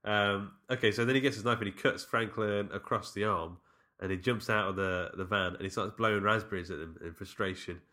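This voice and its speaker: A man's voice: lowish voice, fairly even intonation, brisk, pushed and bright. A man co-hosting a podcast, recapping a horror film in loose, rambling casual chat that he often breaks off or laughs through. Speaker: podcast co-host.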